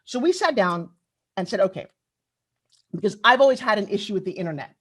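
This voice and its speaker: Brisk and husky, a middle-aged woman's mid-range voice carries a talkative, storytelling conference keynote. She's animated throughout and speaks right to the audience.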